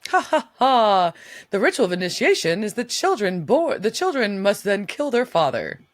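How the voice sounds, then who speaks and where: A woman's voice: medium pitch, sing-song, a little fast, no echo, clean studio sound. A woman co-hosting a podcast, recapping an episode in casual chat, swearing and acting out the characters' lines. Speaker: podcast co-host. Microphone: remote recording setup.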